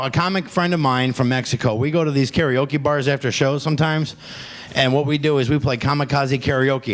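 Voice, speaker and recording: A man doing a stand-up comedy set, who keeps breaking into laughter at his own jokes. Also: fairly high pitch. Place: comedy club stage. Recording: noisy club recording.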